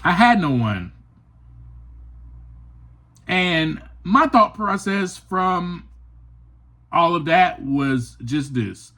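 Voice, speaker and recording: An earnest man talks slowly through a personal story on his podcast, his voice swooping widely from high, passionate peaks to low, quiet asides. He is emphatic and open. He takes his time over each thought. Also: lively intonation. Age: adult. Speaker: podcast host. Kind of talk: personal reflective monologue.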